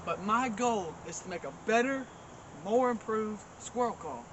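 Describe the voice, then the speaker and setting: A man's voice: high-pitched, lively intonation, measured pace, dull audio. A man hosting a comedy show, rambling in a folksy, mock-boastful way. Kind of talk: deadpan comedic monologue. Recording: loud outdoor background noise.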